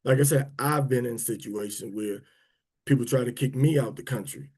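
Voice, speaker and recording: Rambling man, mellow low-key voice. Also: normal speed, slightly rough. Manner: rambling and conversational, with many restarts. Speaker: speaker of a prayer and teaching livestream. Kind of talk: casual talk to an online audience.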